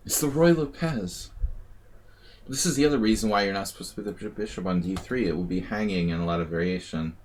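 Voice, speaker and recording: A man's voice: deep voice, fast talker, hardly any pauses, a little hiss or hum. A man streaming chess and thinking aloud in casual live commentary, teasing his opponent.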